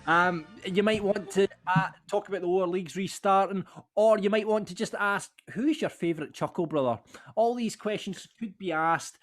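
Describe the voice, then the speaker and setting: Chatty man, slightly high voice. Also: steady tone, moderate pace, a bit bright, faint music behind. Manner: chatty, rambling, repeats words. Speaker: podcast co-host. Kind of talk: casual football chat.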